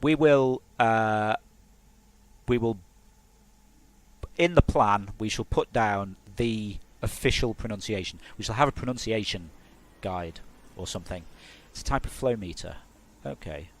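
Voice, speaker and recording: Chatty English game developer on stream. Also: male voice, lowish voice, unhurried. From Hertfordshire, England. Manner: chatty, rambling, self-mocking. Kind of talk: casual live-stream chat.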